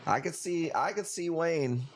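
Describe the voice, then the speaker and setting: A man's voice: fairly high pitch, a little slow, a little hiss or hum. A man hosting a live coral auction stream, bantering loosely and profanely with viewers and calling out bids.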